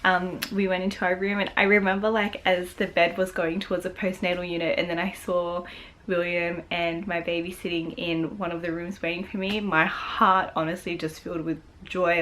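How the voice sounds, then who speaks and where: A woman's voice: lowish voice, flat delivery, moderate pace, a bit bright, slight background noise. A young woman vlogger chatting casually and emotionally, rambling with lots of fillers. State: tearful. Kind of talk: casual chat.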